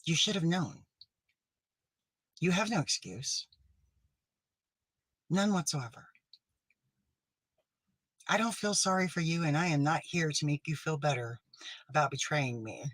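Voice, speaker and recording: A man playing a petty, vindictive woman livestreamer in a comedy sketch, accusing and self-righteous, sometimes dropping to a sharp whisper. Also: fairly high pitch, expressive, unhurried, pauses often, dry recording, low-quality recording. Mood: scolding.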